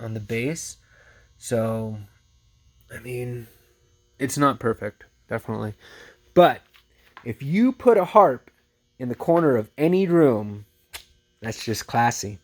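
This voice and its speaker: A man who resells thrift finds, telling a story casually and with lively energy. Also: medium pitch, takes it slowly, pauses often. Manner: chatty, animated retelling with laughs.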